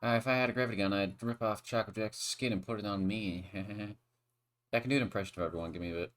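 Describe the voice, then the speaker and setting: Rambling low-voiced man chatting over a game. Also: fairly even intonation, quick pace, a bit bright. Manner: rambling, with many restarts and sudden bursts. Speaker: stream co-commentator. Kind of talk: casual gaming chat.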